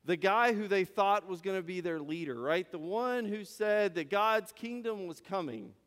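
Male preacher, high voice, narrative sermon with repeated phrases; long church reverb. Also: normal speed, fairly bright tone. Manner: storytelling, rhetorical questions, repeats phrases.

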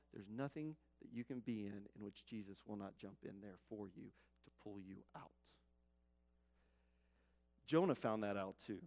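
A male pastor preaching earnestly in a middle-pitched voice, repeating his points and often sinking to a quiet hush. A long hall reverb trails his words. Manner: earnest, repetitive, drops to a soft hush. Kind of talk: sermon.

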